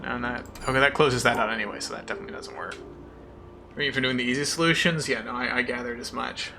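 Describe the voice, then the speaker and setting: A man's voice: medium pitch, fairly even intonation, quick pace, creaky, bright, forceful tone, slight background noise. A man streaming a puzzle game in casual chat, frustrated and self-mocking, who swears often and thanks viewers as he plays. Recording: game stream with music behind.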